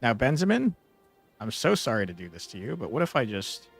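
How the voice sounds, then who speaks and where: A man's voice: mid-range voice, very animated, brisk, vocal fry, slightly rough. A young man streaming a tactics game, chatting casually and swearing playfully, with bursts of mock outrage. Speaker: gaming streamer. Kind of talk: casual gameplay commentary. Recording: faint background game music.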